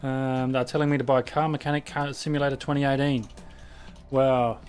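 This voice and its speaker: A man's voice: medium pitch, little pitch movement, moderate pace, darkish tone, clean tone, soft background music. An Australian man hosting a casual live stream chat, rambling and restarting his sentences.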